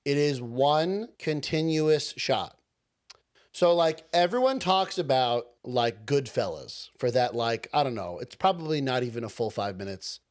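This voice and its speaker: A man's voice: mid-range voice, expressive, measured pace. A young man co-hosting a podcast in casual chat, teasing his co-host with dry humor.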